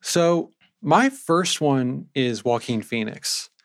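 A man's voice: medium pitch, lively intonation, takes it slowly, dry recording, studio quality. A man co-hosting a film podcast, speaking casually, with lots of "like" and "um" and easy laughter. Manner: hesitant, many fillers, laughs easily. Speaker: podcast co-host.

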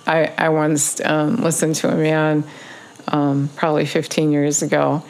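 Low, gravelly woman preaching. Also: completely flat delivery, unhurried, darkish tone. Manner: earnest, repetitive exhortation with frequent ums. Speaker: online preacher. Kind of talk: casual video sermon.

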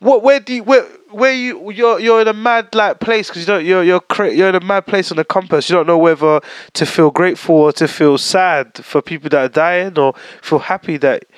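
A man's voice: high-pitched, fairly even intonation, normal speed, few pauses, clean tone, no echo. A young man chatting casually, rambling and filling with "like". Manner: laid-back, rambling, says "like" a lot. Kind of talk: casual chat.

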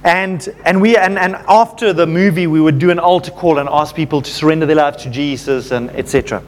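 High-voiced male preacher telling a story. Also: brisk. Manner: storytelling, addresses the congregation as folks, rising to fervent intensity. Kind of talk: sermon.

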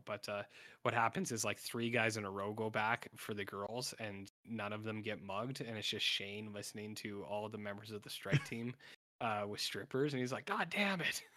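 A fairly low-pitched man with a pushed, bright voice co-hosts a podcast. He chats loosely through an episode recap, cutting himself off and performing the characters' lines.

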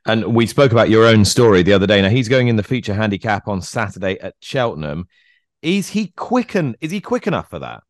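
A man hosts a racing podcast in a lowish voice with a dry, close sound. He is brisk and jokey and sounds keen on every guest. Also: very animated, no room sound. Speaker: podcast host. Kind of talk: interviewing and presenting.

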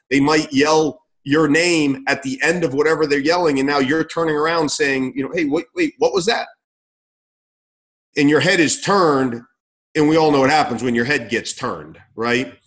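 A middle-aged man explaining how coaches should communicate, emphatic and direct, often repeating words and asking rhetorical questions. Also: medium pitch. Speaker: coaching consultant. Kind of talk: instructional talk.

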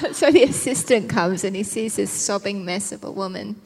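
A woman preacher telling a personal testimony as a sermon, animated and self-mocking, often laughing as she tells it. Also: mid-range voice, a little slow, a little hiss or hum. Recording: reverberant hall.

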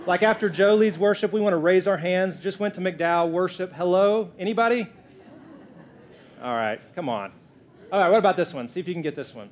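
A man's voice: high-pitched, quick pace. A man in his thirties, a pastor, preaching a sermon in a church in a playful, joking way. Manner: playful, lively, jokes with the congregation.

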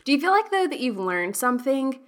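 A young woman hosting a casual podcast chat, telling stories in a lively, animated way. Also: high-pitched, fairly quick. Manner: lively storyteller, animated retellings. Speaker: podcast host.

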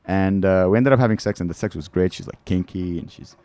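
A man's voice: low voice, quick pace, dark tone. A man, a comedian guest on a podcast, telling rambling candid stories in casual chat. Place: studio.

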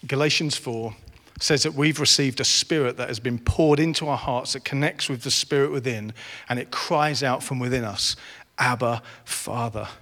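A man's voice: medium pitch, moderate pace, hardly any pauses, a bit bright. Earnest preacher man in an echoing hall. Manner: earnest, builds to impassioned. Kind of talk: sermon. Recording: reverberant hall.

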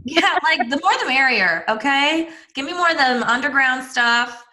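A woman's voice: sits high, animated, normal speed, sharp tone. A woman with a Midwestern accent co-hosting a podcast, chatting enthusiastically about a TV show and often trailing off mid-thought. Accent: Midwestern American. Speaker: podcast co-host. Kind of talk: casual chat.

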